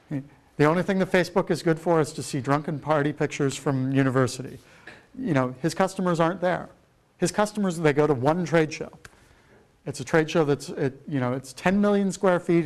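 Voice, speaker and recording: A middle-aged man giving a keynote, rambling with lots of fillers and the odd swear word. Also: fairly high pitch. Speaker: keynote speaker. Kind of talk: rambling conference talk.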